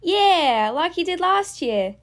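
A woman voicing an excitable young girl puppy who leads the clue hunt, talking in a quick, bossy, eager way. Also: very high voice, heavily acted. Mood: excited.

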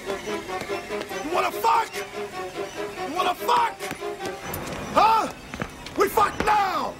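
A high gravelly coked-up mobster losing it, yelling and cussing, crowd and noise behind. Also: male voice, big pitch swings, very slow, music in the background, heavily acted. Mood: manic fury. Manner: screaming, swearing, manic taunting. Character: coked-up raging gangster man, unhinged. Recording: film clip with crowd and noise.

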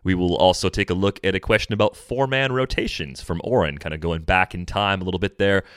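Low-voiced man hosting a podcast. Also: fairly quick, a bit bright, clear, resonant tone, no echo, clean studio sound. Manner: upbeat, conversational, steers the talk. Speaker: podcast host. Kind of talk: casual chat.

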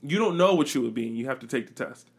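A man's voice: mid-range voice, animated, racing, breathy edge. A young man co-hosting a podcast, talking in casual chat and trading heated, profane teasing with his friend. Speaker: podcast co-host.

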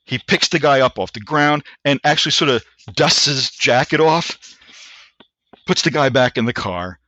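An older American man, an army veteran, recounting an anecdote in a bright, forceful voice. He stops and restarts his phrases as he goes. The audio is dry and a bit muffled. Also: mid-range voice, expressive, no room sound. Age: 60s. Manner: halting, restarts phrases, leans on filler phrases. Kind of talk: casual anecdotal storytelling.

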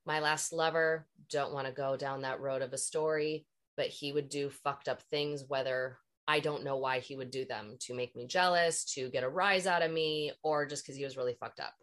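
Low-voiced woman, frank and swearing. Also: fairly even intonation, moderate pace, hardly any pauses, a bit bright. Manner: frank, swears freely, rambling. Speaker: podcast guest; energy healer. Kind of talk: candid personal storytelling.

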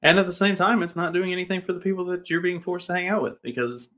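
A man co-hosting a casual political podcast, dropping dry, wry asides and measured summaries. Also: sits high, a bit bright. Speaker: podcast co-host.

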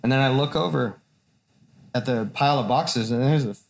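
A man's voice: medium pitch, moderate pace, gravelly. A man, a tattoo artist and podcast host, telling a long story in casual, profane chat and acting out the people in it.

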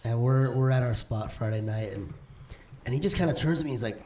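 A man's voice: mid-range voice, fairly quick, a little hiss or hum. Laid-back co-host, man, storyteller, echoey room. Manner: relaxed storyteller who acts out quoted lines. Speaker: podcast co-host. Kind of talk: casual storytelling. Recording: echoey room with faint ambience.

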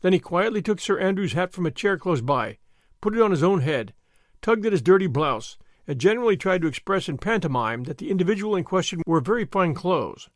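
Brief: male narrator, slightly high, lively classic-novel reading. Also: a little fast, dry recording, studio quality. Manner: expressive storytelling. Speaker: audiobook narrator. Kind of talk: scripted narration.

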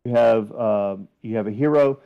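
A man's voice: fairly low pitch, normal speed, gravelly, dry recording, dull audio. A man co-hosting a podcast in casual chat, rambling and repeating words as he thinks. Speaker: podcast co-host.

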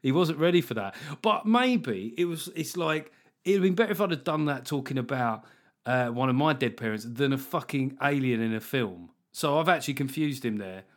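A man's voice: medium pitch, expressive, normal speed. A man hosting a podcast, talking in a loose, casual way, swearing freely and often restarting his sentences. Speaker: podcast host. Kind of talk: casual chat.

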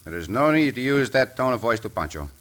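An actor playing a suave Mexican caballero hero with a Spanish accent, who talks in a formal and precise way in a 1950s radio drama. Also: male voice, mid-range voice, very animated, a little fast, fairly bright tone. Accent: put-on Spanish accent. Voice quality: formal, precise, explains words patiently.

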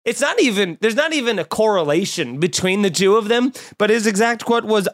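A man's voice: high voice, moderate pace, hardly any pauses. Riffing, sarcastic male podcast host. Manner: riffing, sarcastic, animated mock quotes. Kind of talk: casual comedic chat.

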